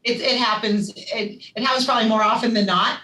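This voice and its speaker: Bright-voiced woman doctor, echoey room. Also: on the high side, fairly even intonation, a little fast. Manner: candid, hesitant, many fillers. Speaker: naturopathic doctor, guest. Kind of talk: casual interview answers.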